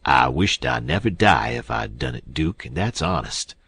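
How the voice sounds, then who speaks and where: A man's voice: very deep voice, very animated, moderate pace, gravelly, fairly bright tone, breathy edge, pitched below the performer's own voice, full character voice. A man voicing an older male swindler who drawls and wheedles. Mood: pleading.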